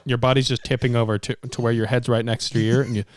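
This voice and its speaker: A man's voice: medium pitch, little pitch movement, quick pace. A man hosting a podcast in casual chat, joking and laughing often. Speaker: podcast host.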